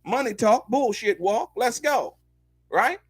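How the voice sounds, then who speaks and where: A man's voice: very high voice, animated, slow pace, breathy edge, no echo. A man hosting a live show, commenting on court news in a loose, slangy way, repeating himself and talking straight to his viewers.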